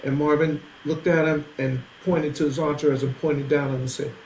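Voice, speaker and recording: Older man, musician guest, vivid storyteller who does the voices; fairly high voice, echoey space. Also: normal speed. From New Jersey. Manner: animated storyteller, acts out quoted voices. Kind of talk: interview storytelling. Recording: roomy with faint noise.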